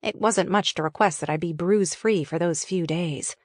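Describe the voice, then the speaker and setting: A woman's voice: on the low side, normal speed, dry recording, clean studio sound. A woman reading her own memoir aloud for an audiobook, in a frank, wry and candid way.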